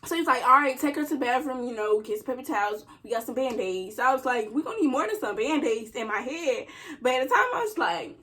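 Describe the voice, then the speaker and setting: A young woman casually telling a story to a co-host, animated and laughing as she acts out what people said. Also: fairly high pitch, fast talker.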